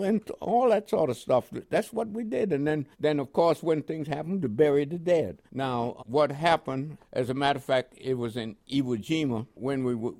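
A man's voice: medium pitch, a little mellow. An older man from the United States, telling long rambling stories in a radio interview, with many fillers. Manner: rambling storytelling with frequent fillers. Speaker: guest.

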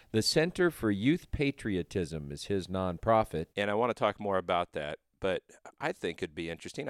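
A man's voice: lowish voice, no echo, studio quality. A man hosting a radio show, introducing his guest and asking him questions in an earnest tone.

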